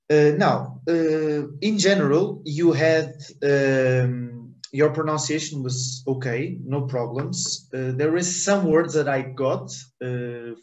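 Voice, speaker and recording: A man's voice: mid-range voice, a little mellow, reverberant, poor audio. A man teaching a language lesson in English, repeating words and checking understanding with "ok?".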